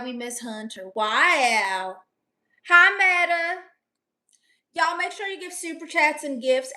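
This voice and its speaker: A young woman on a live stream reads out viewer comments and answers them with brash, sassy comebacks. Her voice sits high and bright, with a sharp, forward edge.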